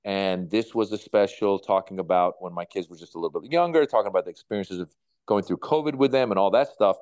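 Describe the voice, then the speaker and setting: A comedian in his fifties telling stories in an interview, animated and acting out people's voices. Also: deep voice, fast, dry recording. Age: 50s. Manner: animated, acts out voices in anecdotes. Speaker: comedian guest. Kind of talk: relaxed interview storytelling.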